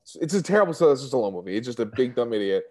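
A man's voice: mid-range voice, very animated, racing, a little mellow. A man who hosts a podcast, chatting casually about bad films, laughing along and swearing. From Australia. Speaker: podcast host. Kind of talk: casual chat.

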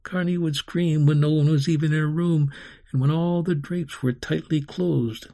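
A man reading a story aloud in a slow, rhythmic, expressive way, voicing sound effects himself. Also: on the high side, creaky.

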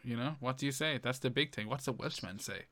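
A man's voice: medium pitch, quick pace, bright, forceful tone, dry recording. Teasing man hosting a quiz chat. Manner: teasing, jokey, scoring like a quiz. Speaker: podcast host. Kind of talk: casual chat.

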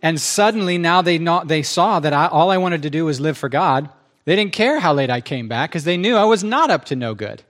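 A middle-aged man preaching, telling his testimony in an animated, self-interrupting way and acting out quotes. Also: a little high, fairly quick. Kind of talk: testimony storytelling.

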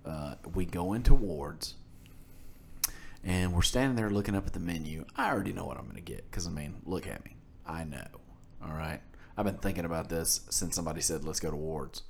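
A man's voice: sits low, brisk, creaky, slight background noise. A man co-hosting a podcast, telling a funny story from his past in a casual chat and laughing often as he goes. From South Mississippi. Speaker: podcast co-host.

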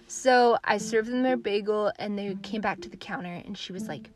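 A woman's voice: medium pitch, music in the background. A young woman hosting a podcast, ranting through stories in a sarcastic, profane way. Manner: sarcastic, profane, fast-switching between mock voices. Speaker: podcast host. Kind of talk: ranting storytime monologue.

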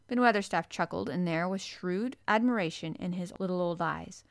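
A woman narrating a children's storybook in a measured, expressive reading. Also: lowish voice, creaky, no room sound, studio quality. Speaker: audiobook narrator.

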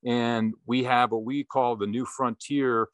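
A man's voice: mid-range voice, level tone, unhurried, no room sound. A man in casual chat, rambling, swearing freely and laughing often.

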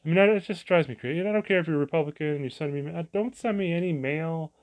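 A man's voice: a little high, racing, a little mellow. A man vlogging a casual, rambling rant, exasperated and profane, full of restarts and asides.

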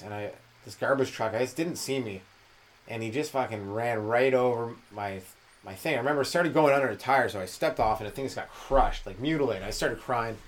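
A man, a stand-up comedian rambling through a solo comedy podcast and jumping into loud voices for the people he quotes. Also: medium pitch. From Canada.

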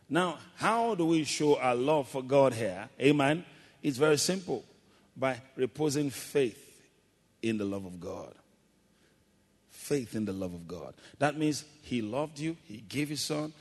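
A male pastor delivering a sermon with call-and-response, shifting between loud exhortation and quiet, drawn-out emphasis. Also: medium pitch, expressive. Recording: long hall reverb.

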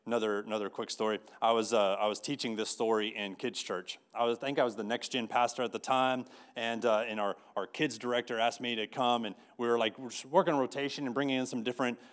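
A man's voice: mid-range voice, steady tone, fast talker, hardly any pauses, clean tone. A man preaching a sermon in a conversational way, often restarting and repeating words as he tells a story. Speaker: pastor.

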